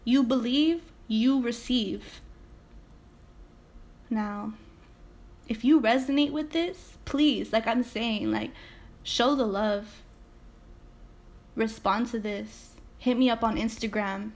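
A woman's voice: a little high, slow pace, pauses often. A young woman from California hosting a casual motivational podcast, talking straight to her listeners with emphatic, swear-laced storytelling. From Salinas, California. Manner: emphatic, swears freely, speaks directly to listeners. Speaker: podcast host.

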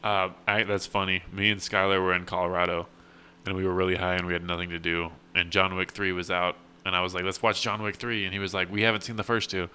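A man's voice: low voice, level tone, quick pace, pushed and bright, a little hiss or hum. A young man in casual chat, dropping blunt, dry one-liners and telling stories.

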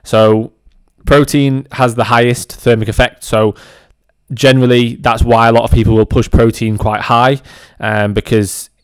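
A man's voice: medium pitch, level tone, measured pace, clear, resonant tone, no echo. A man hosting a podcast, explaining a topic in a loose, conversational way with frequent ums and restarts. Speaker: podcast host. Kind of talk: educational monologue. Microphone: audio-only recording.

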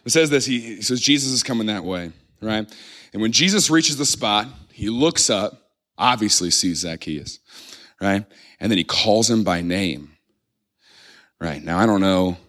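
A man from the Midwest preaching a sermon in a church, telling the story with lively acted-out voices and frequent laughs. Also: fairly low pitch, unhurried, pauses often. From American Midwest. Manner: animated storytelling, acts out crowd voices, laughs often. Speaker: pastor.

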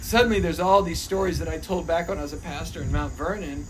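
A man in his fifties, a former pastor, telling lively childhood stories in a casual podcast chat, laughing often. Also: fairly high pitch, fast talker. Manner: animated storyteller, laughing often. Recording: noisy recording.

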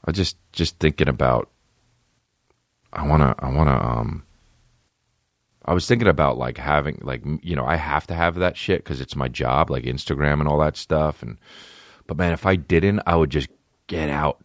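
A man hosting a podcast, telling stories in a rambling, swearing, comedic way and breaking into high, silly voices. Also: normal speed, pauses often, dry recording, clean studio sound. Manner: swearing, rambling, jumps into high-pitched impressions. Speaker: podcast host. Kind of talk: casual comedic rambling monologue.

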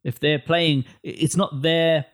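A man co-hosting a casual film chat, opinionated and animated, often restarting his words. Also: on the high side, a little slow.

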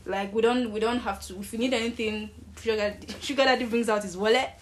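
Female co-host, lively and emphatic, faint hiss behind. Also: a little high, brisk. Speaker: podcast co-host. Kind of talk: casual faith chat.

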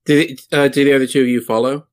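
This is a man running a tabletop game as its game master. His pitch sits at an everyday middle, and he narrates casually, stopping and restarting often around plenty of fillers. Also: fairly even intonation. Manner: halting, many fillers and restarts.

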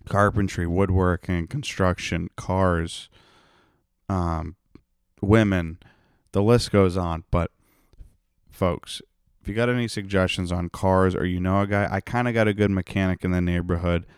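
Profane deep-voiced man ranting. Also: steady tone, a little slow, clean tone, no echo, clean studio sound. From Rhode Island, United States. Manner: profane, rambling, sarcastic. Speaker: podcast host. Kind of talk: casual solo podcast rant.

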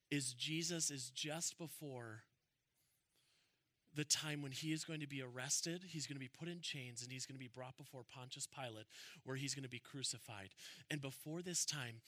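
A young man preaching a sermon, conversational and animated, building to emphatic peaks. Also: fairly high pitch, no room sound. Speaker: pastor.

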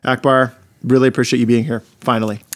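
A man's voice: medium pitch, level tone, fast talker, a bit bright. A man co-hosting a casual sports podcast, talkative and opinionated, leading the conversation. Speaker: podcast co-host.

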